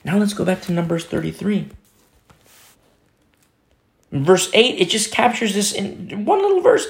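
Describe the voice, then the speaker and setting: A man preaching a sermon, acting out quoted speakers with sudden swings between loud, high calls and low, hushed asides. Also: sing-song, unhurried, vocal fry. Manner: dramatic, voicing quoted speakers with big swings in pitch and loudness. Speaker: pastor.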